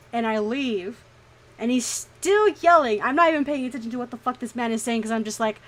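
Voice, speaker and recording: A young woman streamer telling a story in casual chat, animated and swearing freely. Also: fairly high pitch, low-quality recording.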